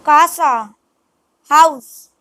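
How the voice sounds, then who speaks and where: A woman reading a vocabulary lesson word by word in a measured, scripted way. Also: sits high, sharp tone, no room sound, poor audio. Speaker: language teacher.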